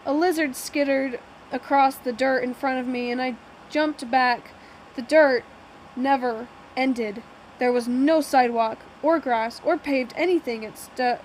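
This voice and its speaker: High-voiced woman reading a novel aloud. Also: steady tone, a little slow, a little mellow, slight background noise, poor audio. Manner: plain reading with frequent slips and restarts. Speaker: audiobook narrator. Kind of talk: first-person novel reading.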